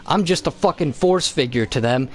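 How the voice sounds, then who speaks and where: A man's voice: fairly high pitch, moderate pace, slight background noise, close to an everyday voice. A man voicing a resentful, whiny young male Jedi apprentice who complains in profane outbursts.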